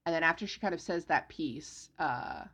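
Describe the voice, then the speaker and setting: A woman co-hosting a casual book discussion, retelling the story with lively quoted asides. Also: low voice, normal speed, slightly rough. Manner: animated retelling with voiced quotes of characters. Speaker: podcast co-host recapping a novel.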